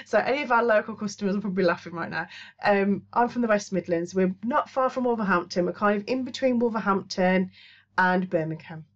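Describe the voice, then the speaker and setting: A woman's voice: mid-range voice, a little fast, lo-fi sound. A woman with a Black Country accent chats casually to camera about her crafts, rambling with many ums. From Black Country, England. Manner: rambling, chatty, lots of ums. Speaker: crochet and craft channel host. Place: small home studio office.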